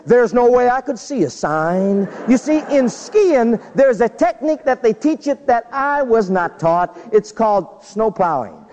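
A man's voice: high voice, moderate pace. A man preaching a storytelling sermon, acting out the people in his tale. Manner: animated, acts out the people in his stories. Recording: dull recording with long hall reverb.

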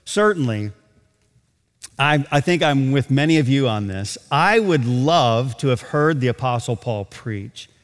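A pastor preaching a sermon to a large auditorium, reading scripture with slow, emphatic stress and quick asides. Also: male voice, medium pitch, big-room sound. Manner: expressive preaching with dramatic slowdowns and emphatic scripture quotes.

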